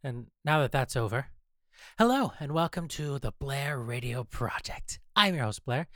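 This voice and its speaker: A performer playing a bossy, condescending young male radio host in a comedic audio sketch, talking deadpan and teasing his sidekick. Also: medium pitch, normal speed, no room sound, clean studio sound, natural voice.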